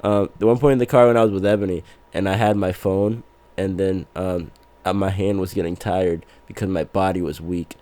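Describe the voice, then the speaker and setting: A man's voice: deep voice, fairly even intonation, brisk, dark tone. A man as a podcast guest, telling a long casual story in a rambling, self-mocking way and laughing through his words.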